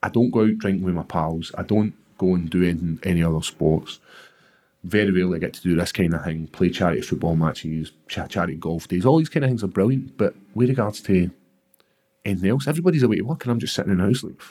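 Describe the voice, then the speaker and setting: A man's voice: low voice, quick pace, dark tone. A Scottish man in his thirties, a fighter chatting casually, swearing a lot and acting out voices in his stories. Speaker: UFC fighter, guest. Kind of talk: casual chat.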